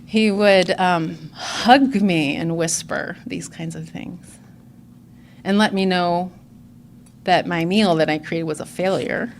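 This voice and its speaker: A woman's voice: fairly low pitch, slow, slight background noise. A woman in her forties giving an earnest, candid personal testimony as a speaker at a recovery conference.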